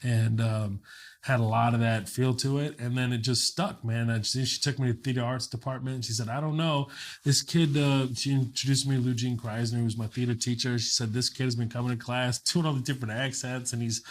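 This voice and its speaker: A man's voice: mid-range voice, level tone, brisk. Man in his late thirties, from Kuwait and raised in Texas, with a mid-range voice. He tells a casual, profane story as a comedy guest and laughs his way through it.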